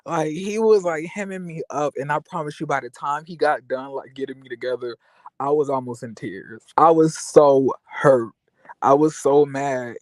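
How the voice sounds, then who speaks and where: A man's voice: a little high, normal speed, no echo. A young man vlogging, telling a personal story in a rambling, candid way with many fillers. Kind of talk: casual venting monologue.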